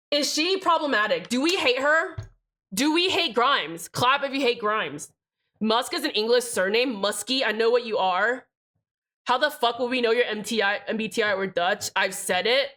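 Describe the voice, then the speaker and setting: A young woman livestreaming, talking straight to her chat in a loose, rambling way, swearing often as she works on a keyboard build. Her voice is bright and sits a little high for a woman. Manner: chatty, rambling, swears freely, addresses chat directly. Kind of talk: casual stream chat while building a keyboard.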